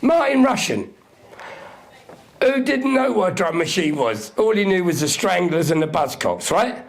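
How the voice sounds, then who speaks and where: His voice sits high and gravelly with a sing-song lilt at a normal pace. A music figure in his sixties, he's a guest at a live Q&A, telling stories brashly, cursing a lot, and mimicking others' words.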